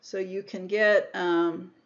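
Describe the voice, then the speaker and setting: A woman's voice: on the low side, little pitch movement, slow, lo-fi sound. A woman giving a recorded microbiology lecture, explaining step by step and rephrasing herself. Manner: explanatory, repeats and rephrases terms, self-corrects.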